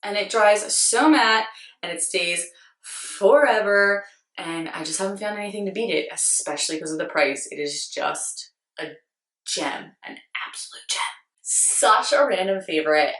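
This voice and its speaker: A woman in her twenties, a beauty vlogger, chatting casually about her favorite makeup with a slightly hoarse voice, rambling and poking fun at herself. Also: lowish voice, fairly bright tone, roomy sound, distant mic. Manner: chatty, rambling, self-deprecating, lots of "like". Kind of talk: casual product review.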